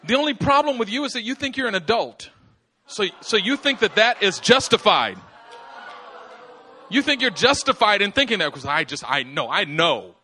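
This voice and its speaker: A man preaching a sermon as pastor, acting out little dialogues with laughter and sudden shouts. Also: high voice, sing-song, moderate pace. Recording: live church service.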